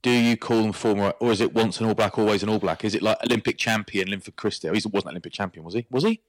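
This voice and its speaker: A man's voice: on the low side, quick pace, no room sound. A man co-hosting a podcast, rambling and musing in casual banter. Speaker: podcast co-host.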